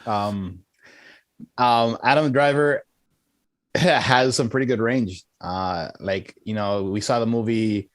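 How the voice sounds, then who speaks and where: A man's voice: fairly low pitch, slow, dry recording. A man co-hosting a casual movie review podcast, talking in a hesitant way with many restarts. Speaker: podcast co-host.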